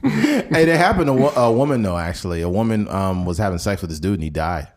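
A man's voice: fairly low pitch, sing-song, fast. Joking man on a casual podcast. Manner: crude, joking, laughs often, puts on quoted voices. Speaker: podcast co-host. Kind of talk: casual chat.

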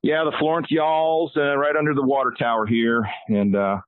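A man's voice: mid-range voice, flat delivery, moderate pace, no echo. A man guesting on a podcast by phone from a hotel room, joking and teasing in casual chat. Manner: playful, teasing. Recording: tinny dry phone line.

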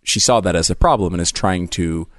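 A man co-hosting a talk radio show, arguing his points quickly with a wry edge. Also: deep voice, no room sound, studio quality. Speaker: radio co-host. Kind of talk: casual political talk radio banter.

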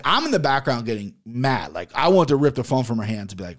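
A man's voice: medium pitch, very animated, fairly quick, hardly any pauses. A man hosting a podcast, telling a long exasperated story in a casual, profane way. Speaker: podcast host.

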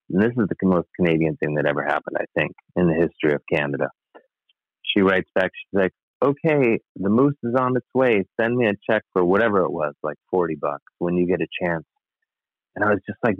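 A low-voiced man spins a long, self-mocking anecdote in a casual, deadpan way. The sound is thin and phone-like, with no room around it. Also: no room sound. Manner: dry, rambling, self-mocking. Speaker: podcast guest storyteller. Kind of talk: casual comic storytelling. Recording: tinny phone-like line, dry.

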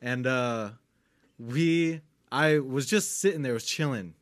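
A man's voice: medium pitch, slow pace, no echo. A man on a podcast casually telling a long story, rambling, swearing often and laughing as he goes. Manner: laid-back, rambling, swears often, laughs through his stories. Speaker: podcast co-host.

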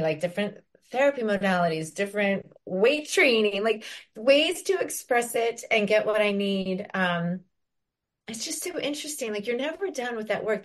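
A woman co-hosting a podcast, talking reflectively and casually, often acting out her own inner voice. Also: mid-range voice. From Ireland. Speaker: podcast co-host.

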